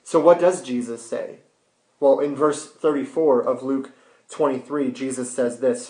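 A man preaching a sermon with rhetorical questions and sudden hushed drops. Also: mid-range voice, steady tone, a little slow. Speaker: pastor. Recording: roomy echo.

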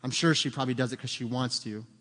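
A man's voice: mid-range voice, steady tone, fast, fairly bright tone. A man preaching a sermon as pastor, earnest, asking rhetorical questions and acting out the voices he quotes. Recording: long hall reverb.

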